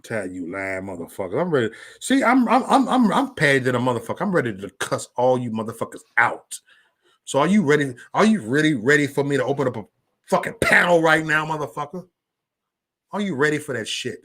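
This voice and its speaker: A man's voice: medium pitch, big pitch swings, fairly quick, fairly bright tone. Profane, heated man ranting on a livestream. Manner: profane, heated, repetitive, stammers into restarts; reads out live chat comments. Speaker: livestream host. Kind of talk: angry livestream rant.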